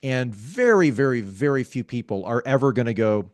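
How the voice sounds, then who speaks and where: A man, a guest author in a podcast interview, explaining ideas in a wry, self-aware, calm and measured way. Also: mid-range voice, dry recording, studio quality. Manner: talks calmly, measured.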